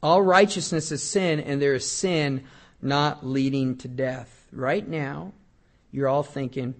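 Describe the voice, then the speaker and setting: A middle-aged man preaching in a joking, conversational style reads scripture aloud, his volume rising and falling. His voice is mid-range and his pace slow.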